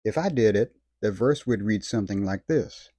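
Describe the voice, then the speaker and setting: A man preaching a sermon in an earnest way, slowing down to stress words of scripture. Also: fairly low pitch, animated, warm tone, no echo.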